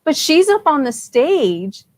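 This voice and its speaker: A woman from Texas telling an excited story in a casual chat, with lots of fillers. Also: high-pitched, slow, no room sound. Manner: enthusiastic, full of fillers, laughing often. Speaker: parent delegate guest.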